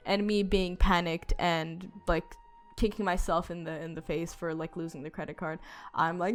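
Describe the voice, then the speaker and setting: A woman's voice: on the low side, steady tone, brisk. A woman telling a story in a casual storytime vlog, rambling with lots of fillers and swearing. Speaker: storytime youtuber.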